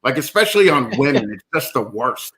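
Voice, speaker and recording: A man's voice: medium pitch, sing-song, a little fast, a bit bright. A man with a New York accent chatting as a podcast guest, profane and rambling, poking fun at himself. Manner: profane, rambling, self-mocking. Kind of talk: casual chat. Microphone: video call.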